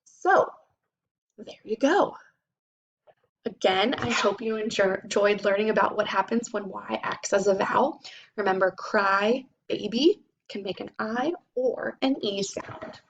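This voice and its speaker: Woman teaching phonics, slight vocal fry. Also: medium pitch, dull audio, a little hiss or hum. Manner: slow, clear spelling-out of sounds. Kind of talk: phonics lesson for children.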